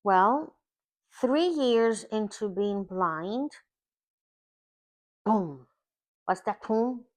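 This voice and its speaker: Slow-spoken woman sharing a testimony. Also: medium pitch, animated, darkish tone. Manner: slow, emotional storytelling with long pauses. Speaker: life coach. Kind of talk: personal faith testimony.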